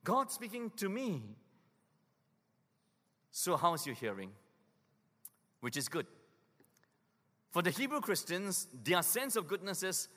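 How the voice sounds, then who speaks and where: A man preaching with a lively, swooping delivery, his voice pitched a little high. He presses hard on key words, then sinks into quiet, grave lows. A long hall reverb trails every phrase. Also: slow pace, pauses often. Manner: emphatic preaching, swinging between loud urgency and hushed lows. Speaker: pastor. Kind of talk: sermon.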